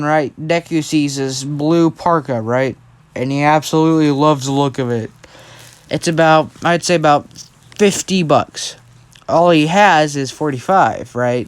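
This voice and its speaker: A man's voice: a little high, smooth, dry recording. Young man rambling through a fan story. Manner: rambling, self-correcting, keeps adding "right?". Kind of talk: casual storytelling.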